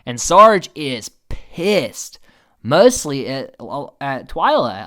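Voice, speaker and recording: Man, casual recap commentary, animated, opinionated, swearing, lots of fillers. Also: mid-range voice, drawn-out words.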